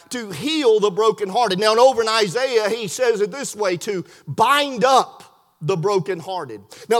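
A man's voice: high-pitched, a bit bright. A man preaching a sermon, telling folksy stories with repeated words and a homespun turn of phrase. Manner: folksy storytelling with repetitions and southern-style grammar.

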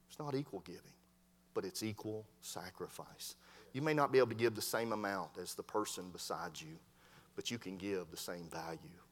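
A man preaching a sermon as a Baptist preacher, telling stories with lively voiced dialogue. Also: low voice. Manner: storytelling preacher, animated voices in quoted dialogue. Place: church hall. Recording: long hall reverb from a church sanctuary.

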